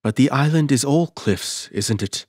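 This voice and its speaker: A man's voice: medium pitch, expressive, unhurried, a little mellow, no echo, clean studio sound, pitched above the performer's own voice. A man voicing an uneasy young woman haunted by dread, speaking anxiously and hesitantly in an audiobook.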